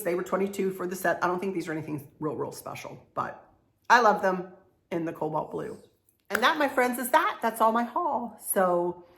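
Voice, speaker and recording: Middle-aged woman, chatty home decor vlogger, confiding tone, medium pitch. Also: fairly bright tone, slight background noise. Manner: chatty, confiding, laughs often. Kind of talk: casual show-and-tell haul video.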